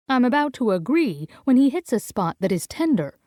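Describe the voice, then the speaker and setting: A woman's voice: on the high side, sing-song, normal speed, hardly any pauses, a little mellow, no echo, studio quality. Woman narrating a first-person romance. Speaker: audiobook narrator.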